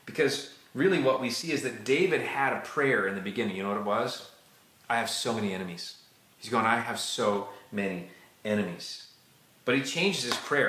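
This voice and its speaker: Man, pastor, sermon, earnest, repetitive, forceful tone, echoey room. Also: medium pitch. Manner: earnest, repetitive preaching with acted-out prayers.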